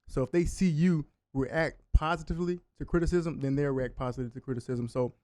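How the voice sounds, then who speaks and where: Fast-talking former linebacker guest. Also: male voice, a little high, fairly even intonation, warm tone, no echo. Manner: fast storytelling, laughs while telling stories. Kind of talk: sports talk interview. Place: radio studio.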